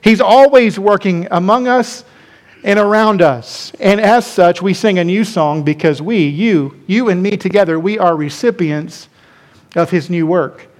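A man's voice: high voice, measured pace. A male pastor preaching a sermon, stressing points by repeating phrases and calling the congregation to respond.

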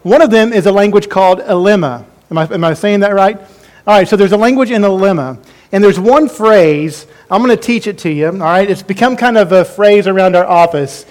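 A man's voice: high voice, brisk, darkish tone. A man preaching a sermon as pastor, folksy and joking as he talks to his congregation.

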